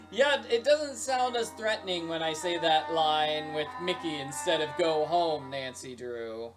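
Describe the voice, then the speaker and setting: A man's voice: on the high side, lively intonation, unhurried, few pauses. A man giving playful let's play commentary, joking and breaking into silly sung rhymes. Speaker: video game streamer. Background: game music.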